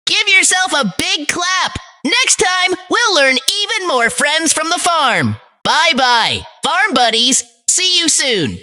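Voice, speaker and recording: A woman's voice: very high voice, sing-song, takes it slowly, hardly any pauses, sharp tone, dry recording, clean studio sound. A woman narrating a scripted preschool lesson, cheerful and speaking straight to young children. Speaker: children's presenter.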